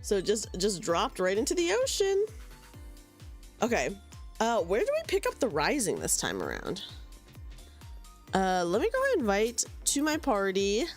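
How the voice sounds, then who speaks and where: Young streamer girl chatting w her chat, giggly, voice jumps all over, soft music under. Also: mid-range voice, wildly swooping pitch, measured pace, long pauses. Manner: chatty, giggly, talks to chat with many restarts. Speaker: game streamer. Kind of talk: casual live-stream chat while playing.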